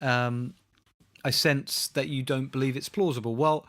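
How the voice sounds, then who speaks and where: A man's voice: medium pitch, fairly even intonation, a little slow, fairly bright tone. A man co-hosting a casual comedy podcast, reading out odd news stories in a wry, mock-serious way. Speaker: podcast co-host.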